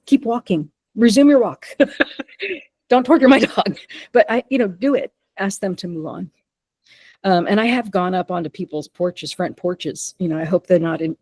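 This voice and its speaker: A woman presenting a webinar as a dog behavior consultant, talking lively and bursting into loud acted-out lines. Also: lowish voice, no room sound.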